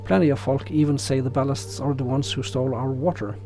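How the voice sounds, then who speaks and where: A man's voice: medium pitch, steady tone, a little fast, mellow, faint music behind, natural voice. A man reading as a stubborn country fellow. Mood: insistent. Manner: folksy, plain-spoken reading. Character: stubborn rural man arguing to climb.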